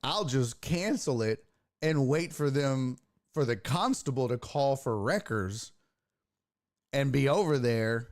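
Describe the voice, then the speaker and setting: A man's voice: medium pitch, takes it slowly. A man hosting a sports podcast, telling a story casually and acting out the people in it, with lots of swearing. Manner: animated, profane, acts out voices in his anecdotes.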